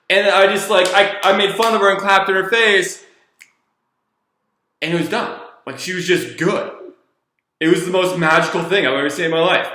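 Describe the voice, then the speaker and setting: Bright-voiced man telling a story. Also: high voice, reverberant. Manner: casual, rambling, animated. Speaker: former treatment counselor. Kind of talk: personal storytelling.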